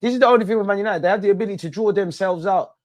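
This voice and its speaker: A young man doing a live football watch-along, shouting at players and the referee in slangy banter. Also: sits high, rapid-fire.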